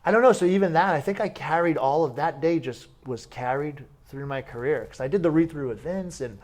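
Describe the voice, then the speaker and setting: A man with a slightly high, darkish voice talks fairly quickly as a wrestler guest in a sit-down interview. He tells stories casually and chattily, full of "like" fillers and restarts.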